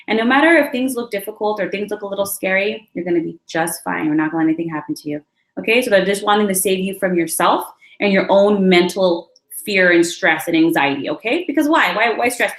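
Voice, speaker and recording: A woman giving a weekly tarot and astrology reading, chatty and reassuring, talking straight to her viewers. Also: medium pitch. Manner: animated with quick asides and many fillers. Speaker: tarot reader. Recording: echoey room.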